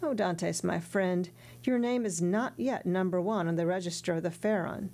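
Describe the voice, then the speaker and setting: A woman's voice: lowish voice, moderate pace, dark tone, close to an everyday voice. A woman voicing a scheming male shipmate who mutters sly asides.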